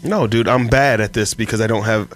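A man's voice: lowish voice, fairly even intonation, a little fast, a little hiss or hum. A male radio co-host teasing his partner with profane banter, stretching out words for emphasis.

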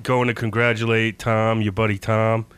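Bright teasing male co-host. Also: on the low side, little pitch movement, normal speed, smooth. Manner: teasing, prodding questions. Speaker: radio show co-host. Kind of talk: casual chat.

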